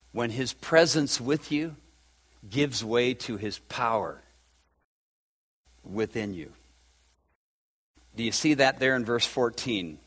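A man preaching a sermon, swinging from loud, fervent peaks to a soft, emotional hush. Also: medium pitch, husky. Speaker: pastor.

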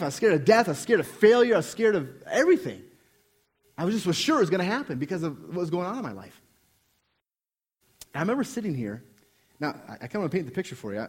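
A young man delivers a sermon in church, sharing a personal story in an earnest way with many restarts. His pitch sits a little high and swings widely. His voice has a slightly husky edge. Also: a little mellow. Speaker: preacher. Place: church sanctuary.

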